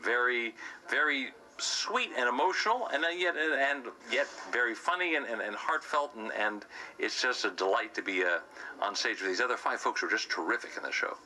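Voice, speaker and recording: A man's voice: mid-range voice, lively intonation, moderate pace, bright, forceful tone, low-quality recording. A man, a stage actor, chatting playfully in a casual interview about playing a villain. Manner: playful, slips into his villain's self-important voice.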